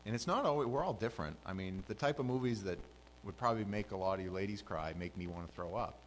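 Guy pastor preaching, deepish voice, gets loud then drops quiet, little hum in the background. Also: quick pace, rough recording. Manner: animated storytelling, swinging between loud and hushed. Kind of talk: sermon.

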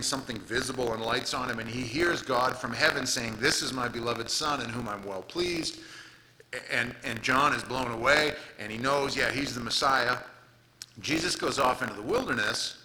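Bright-voiced man preaching conversationally. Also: mid-range voice, normal speed, a little hiss or hum, rough recording. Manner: retells scripture casually, reads King James verses aloud. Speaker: pastor. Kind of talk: conversational sermon.

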